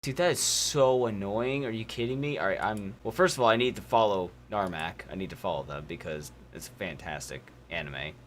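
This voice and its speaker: A man hosting a casual podcast chat, talking in animated, rambling opinions and swearing freely. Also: fairly low pitch, a little fast, hardly any pauses, a little hiss or hum. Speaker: podcast host.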